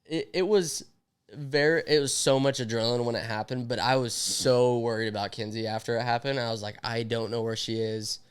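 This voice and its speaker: A man's voice: medium pitch, fairly quick, clear, resonant tone. A young man telling a story in casual podcast chat, acting out his own quotes. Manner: animated, acts out quotes. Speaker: podcast co-host.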